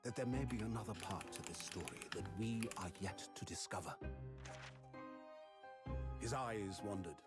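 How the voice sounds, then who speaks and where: A man narrating a mystery story in a slow, measured storytelling manner, with music playing behind. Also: lowish voice, lightly acted. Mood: solemn. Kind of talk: scripted narration.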